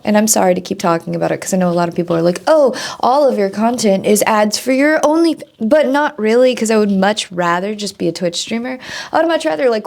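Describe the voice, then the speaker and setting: A woman's voice: on the low side, creaky, darkish tone. A young woman streamer talking candidly to the camera, rambling and swearing casually. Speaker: streamer and content creator.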